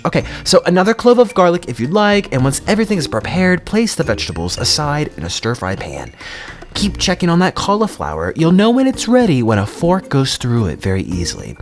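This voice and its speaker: Chatty, animated man cooking at home. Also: on the high side, a little fast, reverberant, soft background music. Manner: chatty, with dramatic exclamations. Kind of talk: casual cooking vlog. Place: home kitchen.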